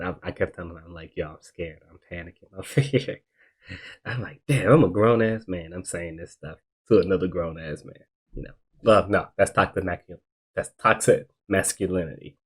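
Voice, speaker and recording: This is a young man with a deep, low voice who tells a story from his own life. He talks casually and uses a lot of slang, like he's chatting with friends. He laughs often as he goes. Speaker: podcast host.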